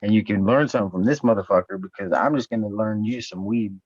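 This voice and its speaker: A man's voice: on the low side, fast talker, darkish tone, breathy edge, no room sound. A man hosting a podcast, joking crudely in profane, rambling banter. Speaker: podcast host. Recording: dull dry sound.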